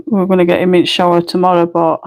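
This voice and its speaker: A woman's voice: on the low side, little pitch movement, fast, darkish tone, low-quality recording. Chatty Barnsley woman, blunt and laughing. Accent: Barnsley Yorkshire. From Barnsley, England. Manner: chatty, blunt, laughs often, mild swearing. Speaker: colouring livestreamer. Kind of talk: casual live-stream chat. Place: at home.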